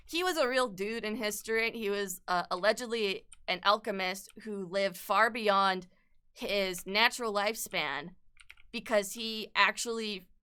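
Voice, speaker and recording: Young woman rambling + cursing on her art stream, bright smooth voice, clicking in the background. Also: mid-range voice. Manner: rambling, swears a lot, laughs often. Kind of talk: casual chat while sketching on stream.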